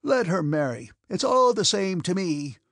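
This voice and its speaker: A man reading the part of a cranky, abrupt old prince with sharp, mocking outbursts. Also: mid-range voice, big pitch swings, unhurried, creaky, husky, no echo, studio quality, heavily acted. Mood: angry. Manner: barking, mocking, piercing outbursts.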